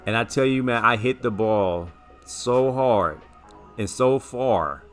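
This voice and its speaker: Bright-voiced man telling a story. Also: medium pitch, slow pace, soft background music. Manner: rambling, animated, repeats words while recounting. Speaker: sports show co-host. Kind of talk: casual storytelling chat.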